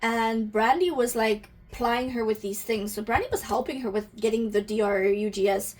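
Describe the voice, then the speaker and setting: Musing woman with a higher voice. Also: fairly even intonation, moderate pace. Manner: questioning, musing aloud, easily moved to emotion; addresses viewers directly. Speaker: intuitive energy reader. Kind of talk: channelled reading to camera.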